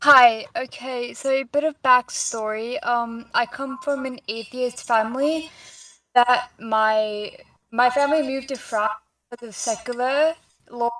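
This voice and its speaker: A woman's voice: fairly high pitch, steady tone, unhurried, a bit bright. Hesitant woman caller, echoey and distant. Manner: hesitant, searching. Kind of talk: casual call-in question.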